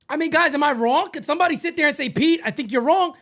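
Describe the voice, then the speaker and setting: A man hosting a fan live stream, ranting about sports in a loud, excitable way. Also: very high-pitched, brisk, pauses often.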